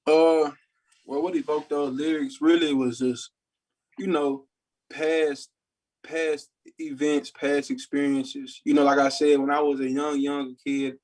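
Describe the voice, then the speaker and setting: A man's voice: fairly high pitch, flat delivery, a little slow, darkish tone, rough recording. A young man being interviewed as a guest musician, answering in a laid-back way with lots of short affirmations. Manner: laid-back, answers briefly with many yeahs. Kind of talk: casual interview. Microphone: call from a phone or computer.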